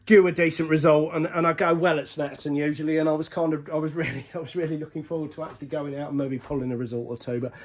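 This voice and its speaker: A man's voice: fairly high pitch, steady tone, quick pace, hardly any pauses, a little hiss or hum. A man recovering from illness, short of breath, giving a rambling casual vlog update from his workshop, full of fillers and restarts. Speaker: motorbike racer vlogging.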